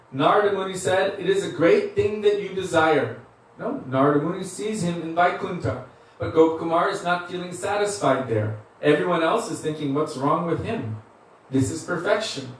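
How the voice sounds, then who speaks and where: In a devotional lecture full of storytelling, a man with a slightly high voice teaches a spiritual class, earnestly narrating and performing the quoted voices. The distant mic picks him up in a very echoey room, with faint hiss.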